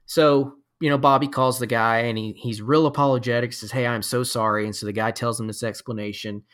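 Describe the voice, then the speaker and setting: A man's voice: medium pitch, steady tone, fairly quick, fairly bright tone. A man who is a podcast guest, telling a long hunting story in a casual, rambling way with lots of fillers. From Florida.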